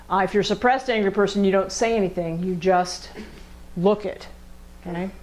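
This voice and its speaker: A woman leads a group lesson in a group room, talking conversationally and throwing questions at the people listening. She acts out angry voices to make her points, and her voice sits at an ordinary middle pitch. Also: steady tone, moderate pace, darkish tone, poor audio. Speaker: group counselor.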